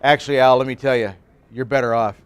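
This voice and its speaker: A man's voice: medium pitch, fairly even intonation, fast talker, clean tone, no room sound. A man in his sixties, a pastor, giving a folksy sermon at a men's breakfast, telling stories with jokes and acting out quotes.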